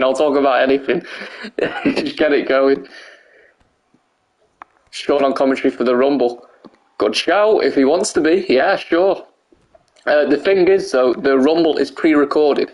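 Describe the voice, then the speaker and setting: A hoarse young man with a medium-pitched voice commentates on a wrestling video game during a live stream. His energy swings between excitable and tired, and he frequently laughs and swears.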